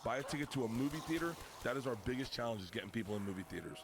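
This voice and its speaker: A man holding court as a podcast guest, his voice swinging up and down as he barrels through a comic story. He talks loudly, swears freely and keeps breaking into laughter. His pitch sits in a middle range. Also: animated, very fast, background noise. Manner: loud, profane comic storytelling full of laughter. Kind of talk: casual podcast chat.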